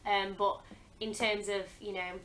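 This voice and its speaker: Young woman, vlog to camera, bright voice, fairly flat delivery, chatty with lots of ums. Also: mid-range voice, unhurried, slight background noise, poor audio. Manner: chatty and earnest, with frequent hesitant ums. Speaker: beauty vlogger. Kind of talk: casual talk to camera. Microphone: camera mic.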